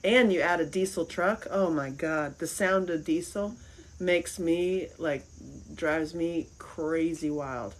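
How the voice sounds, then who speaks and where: A woman's voice: fairly low pitch, takes it slowly, rough recording. A middle-aged woman chats loosely to her livestream viewers. She rambles from one thought to the next and breaks into giggles often. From American South. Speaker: livestream host. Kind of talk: casual livestream chat reading comments.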